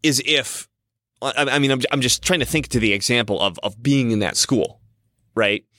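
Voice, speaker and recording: Bright-voiced man, rambling monologue. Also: mid-range voice, normal speed, no echo, clean studio sound. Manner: rambling, repeats himself, frequent restarts. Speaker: commentator. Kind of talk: casual monologue.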